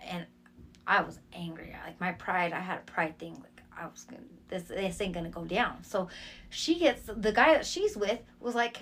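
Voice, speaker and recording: A woman's voice: on the low side, moderate pace, slight background noise. A woman sharing her life testimony as a guest, telling stories in a casual, streetwise way and acting out the voices of people she quotes. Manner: animated, acts out quoted voices; streetwise slang. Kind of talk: casual storytelling.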